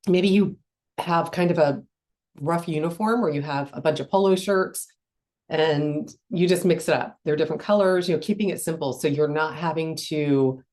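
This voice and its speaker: A woman's voice: sits low, a little mellow. A middle-aged woman hosting a solo podcast, explaining ideas conversationally with restarts and ums while chewing a cough drop. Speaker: podcast host.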